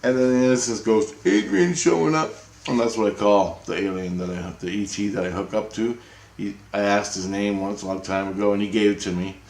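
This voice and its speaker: A man's voice: on the low side, fairly even intonation, brisk, darkish tone. A man telling a long, rambling story in casual, profane speech, often checking in with "right?". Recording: roomy echo.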